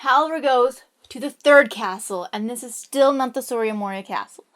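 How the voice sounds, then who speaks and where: Playful storyteller, casual retelling with wry asides; woman, high voice. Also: normal speed, fairly bright tone. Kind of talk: casual fairy tale retelling.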